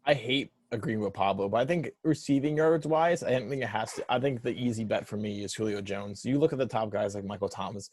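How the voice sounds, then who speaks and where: A man co-hosting a casual sports podcast, giving brisk, matter-of-fact analysis. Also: on the low side, a little mellow, no echo. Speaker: podcast co-host.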